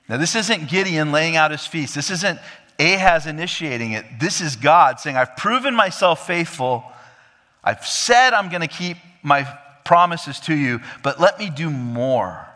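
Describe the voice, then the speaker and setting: Bright-voiced preacher in a reverberant hall. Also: male voice, animated, a little slow. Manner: rises to emphatic peaks, then drops low and quiet; acts out quoted dialogue of God and king. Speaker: pastor. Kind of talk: expository sermon.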